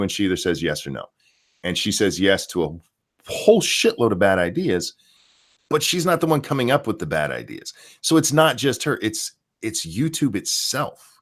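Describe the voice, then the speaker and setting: A man's voice: fairly low pitch, very animated, moderate pace. A man hosting a podcast, talking in a casual, profane, rambling way about the news. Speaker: podcast host. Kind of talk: casual opinion chat.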